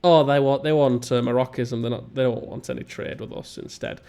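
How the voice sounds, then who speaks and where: A man's voice: mid-range voice, fairly even intonation, brisk, gravelly, dark tone, smooth. A man with a Northern English accent, hosting a strategy game let's play with rambling, self-mocking commentary. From England. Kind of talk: casual gameplay commentary.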